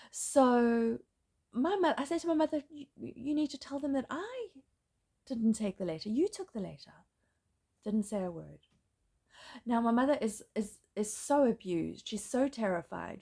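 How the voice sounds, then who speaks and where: A woman speaking in a distressed, halting personal monologue, pleading and breaking off mid-sentence. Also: medium pitch, creaky, darkish tone. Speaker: mother in a custody dispute.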